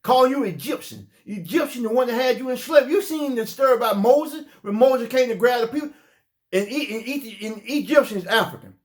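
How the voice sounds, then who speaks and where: A man with a Southern US accent preaching an impassioned sermon, emphatic and repetitive, sometimes breaking into shouts. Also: extremely high pitch, animated, fairly quick. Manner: fiery, emphatic, repeats phrases, bursts into shouts.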